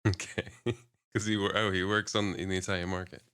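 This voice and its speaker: A man co-hosting a casual podcast who gives short, dry replies with quiet laughs. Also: low-pitched, little pitch movement, brisk, clear, resonant tone, dry recording. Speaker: podcast co-host.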